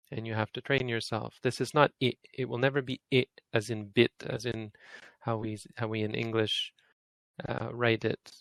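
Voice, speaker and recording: Man, patient teacher, gravelly bright voice, dry close sound, repeats vowels slowly. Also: medium pitch, no room sound, poor audio. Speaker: Pali teacher. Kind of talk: online language lesson, demonstrating pronunciation.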